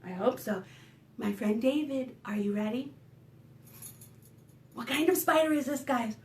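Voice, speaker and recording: A woman children's librarian leading a preschool storytime, singing and talking to small children in an animated sing-song way. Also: fairly high pitch, measured pace, long pauses, roomy sound. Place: home, recorded for online storytime.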